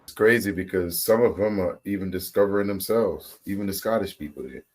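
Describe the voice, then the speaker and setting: An American man co-hosting a casual reaction chat, laughing often and telling animated stories. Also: sits low, brisk. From United States. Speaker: co-host.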